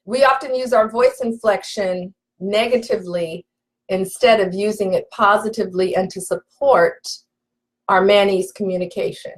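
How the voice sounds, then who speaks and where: A woman's voice: medium pitch, fairly even intonation, normal speed, poor audio. A woman relationship coach teaching live, emphatic and preachy, repeating her key points and calling out to viewers. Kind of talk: live-stream teaching, reading viewer comments.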